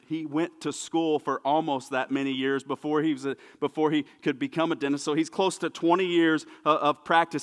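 A man preaching a sermon as pastor, emphatic and repetitive, dropping to hushed asides. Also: medium pitch, clear, resonant tone, long reverb tail. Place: church sanctuary.

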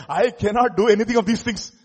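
High-voiced husky preacher. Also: male voice, moderate pace. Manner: animated preaching with laughs and sudden loud emphasis; asks the congregation questions. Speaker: pastor. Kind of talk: sermon.

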